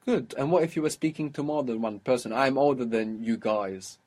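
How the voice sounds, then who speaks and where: A man's voice: medium pitch, brisk, darkish tone. A man teaching a spoken Arabic lesson, explaining patiently and prompting his student with questions.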